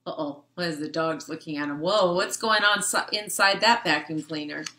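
An older woman reading a picture book to children in a gentle, chatty way, stopping to explain words and talk to the kids. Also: low-pitched, moderate pace, echoey room, slight background noise. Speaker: storytime reader.

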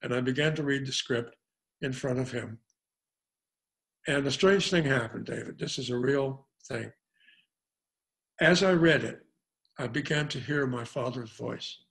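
A man's voice: medium pitch, measured pace, creaky, pauses often. An older man from Arkansas, a guest actor in an interview, telling long anecdotes and acting out the lines of the people in them. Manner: animated storyteller, acts out quoted dialogue.

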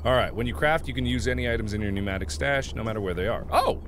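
A man's voice: fairly low pitch, racing, a little hiss or hum. A man hosting casual gameplay commentary, joking and laughing often. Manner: animated, jokey, laughs often. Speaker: let's-play host.

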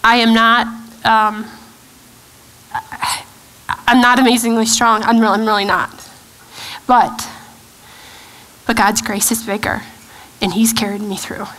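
A woman in her thirties shares a personal testimony at a church gathering. Her voice sits a little high, and she talks earnestly, stopping and restarting as she searches for words. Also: little pitch movement, a bit bright, low-quality recording. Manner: earnest, halting, with frequent restarts and fillers. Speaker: guest speaker. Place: church event hall.

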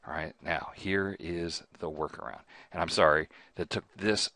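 A man's voice: low voice, fairly even intonation, normal speed, gravelly, bright, forceful tone, dry recording. A man hosting a spreadsheet tutorial, chatty, often checking in with "right?" and voicing mild exasperation. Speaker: host.

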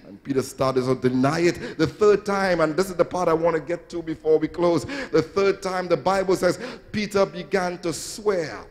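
A man's voice: on the high side, normal speed, hardly any pauses. A male pastor preaching a sermon in a church, with sing-song swells and acted-out quotes. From Trinidad and Tobago. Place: church sanctuary. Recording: reverberant church hall.

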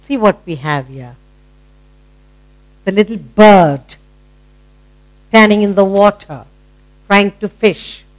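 A middle-aged woman with an Indian English accent teaching a phonics lesson to children, encouraging them and repeating each word slowly. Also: medium pitch, lively intonation, low-quality recording. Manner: slow, sing-song, encouraging, repeating words.

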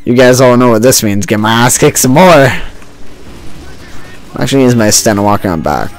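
A man's voice: mid-range voice, animated, moderate pace. A man hosting a let's-play, giving joking, sarcastic running commentary into a home desk mic with a homemade pop filter. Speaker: gaming channel host. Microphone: home desk mic with a homemade pantyhose pop filter.

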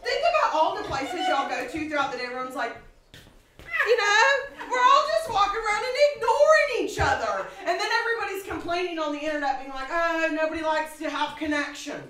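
A woman's voice: extremely high pitch, animated, a little fast, bright, forceful tone, a little hiss or hum. A woman performing a stand-up comedy set on a live stage, chatty and full of laughing asides. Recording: echoey room from a distance, audience.

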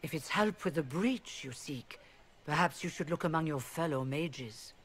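A woman's voice: low-pitched, lively intonation, moderate pace, slight background noise. An actress voicing a proud, middle-aged female leader of rebel mages in a video game, speaking formally and persuasively.

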